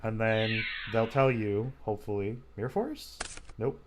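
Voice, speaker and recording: A man's voice: fairly low pitch, unhurried, noisy background. A man commentating on a card game match, talking casually and rambling through stories with lots of filler words. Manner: rambling, filler-heavy storytelling.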